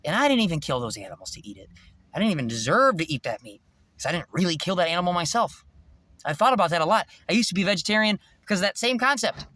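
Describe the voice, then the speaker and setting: A man's voice: sits high, sing-song, fast, sharp tone. A man vlogging in a rambling, preachy spiritual monologue, intense and swearing freely.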